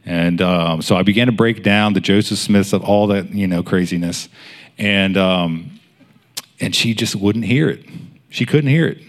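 A man's voice: low-pitched, unhurried. A man in his thirties preaching a sermon in a casual, storytelling way, with many fillers. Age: 30s.

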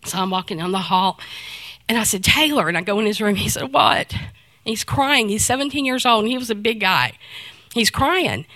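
A middle-aged woman giving a personal faith testimony, telling it as a lively story and acting out the dialogue. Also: mid-range voice, fairly quick, dry recording.

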